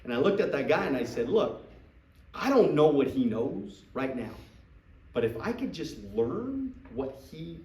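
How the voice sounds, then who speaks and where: A man's voice: fairly high pitch, a little slow, roomy sound, far from the mic, low-quality recording. A man coaching recruits in a live talk to a group, acting out sales dialogues. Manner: animated, acts out sales dialogues. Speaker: business trainer coaching recruits.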